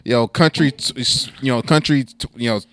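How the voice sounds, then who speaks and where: A man's voice: mid-range voice, a little fast, fairly bright tone. A man co-hosting a podcast in casual banter, stammering and repeating words as he runs a mock-serious bit. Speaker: podcast co-host.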